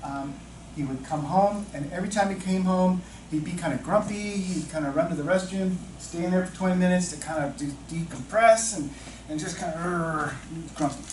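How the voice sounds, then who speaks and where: A man leading a teacher-mentoring workshop, chatting with the audience, asking questions and slowing down to stress key points. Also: high voice, darkish tone, a little hiss or hum. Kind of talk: interactive workshop talk. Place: training room with audience. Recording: echoey room, distant mic, faint ambience.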